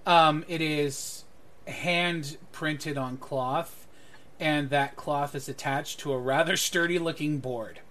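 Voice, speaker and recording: A man with a voice a touch higher than most narrates as game master of a tabletop game. He talks in a relaxed, hesitant way, stopping often to think. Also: takes it slowly.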